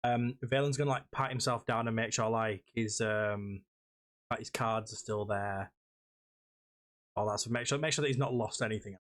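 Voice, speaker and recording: A man with a Yorkshire accent playing a tabletop game, describing his character's actions with excitable, swearing banter. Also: on the low side. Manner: excitable, swearing, quick laughs. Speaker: player. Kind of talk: casual tabletop game chat.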